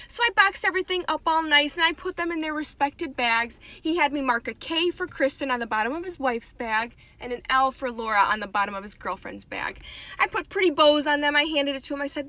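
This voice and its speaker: A woman's voice: high voice, brisk, bright, forceful tone, dry recording. A woman who works retail telling a story time with dry, understated delivery. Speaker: jewelry store worker.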